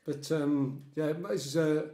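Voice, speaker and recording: A man's voice: on the high side, level tone, slow pace, dark tone, a little hiss or hum. A man with a rambling, hesitant manner, chatting casually between songs at home as a folk musician. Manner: rambling, hesitant, with many fillers. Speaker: folk musician hosting a live stream. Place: home lounge. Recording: roomy room with instruments.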